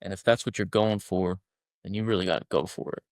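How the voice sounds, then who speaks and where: A man guesting on a podcast speaks in a low, steady voice at a slightly quick pace, blunt and emphatic, cursing freely to drive his points home. He's the founder of a men's collective, and the studio recording is clean with no echo.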